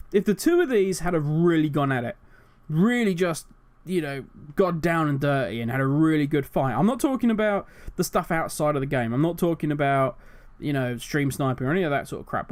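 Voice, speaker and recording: A man hosting a gaming channel, ranting animatedly with exasperated rhetorical questions. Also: on the high side. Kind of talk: casual commentary rant.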